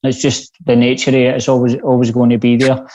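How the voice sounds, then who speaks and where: A man's voice: medium pitch, completely flat delivery, quick pace, dark tone, dull audio. A man with a Scottish accent hosting a podcast, chatting casually and laughing along with his guest. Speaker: podcast host.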